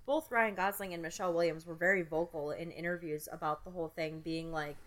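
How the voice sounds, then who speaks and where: A woman co-hosting a casual film podcast, talking in an animated, emphatic way and laughing often. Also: on the low side, fairly quick. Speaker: podcast co-host.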